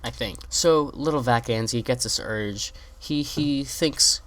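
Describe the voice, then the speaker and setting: A man's voice: medium pitch, moderate pace, few pauses, fairly bright tone. Teenage guy rambling through a funny story, stammery. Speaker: vlogger. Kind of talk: comic storytelling.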